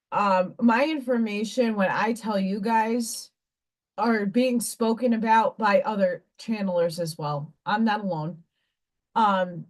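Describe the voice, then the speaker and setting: A woman hosting a livestream, talking candidly and rambling, with casual swearing, and reading oracle card messages aloud. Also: medium pitch. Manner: reads card messages aloud between chat.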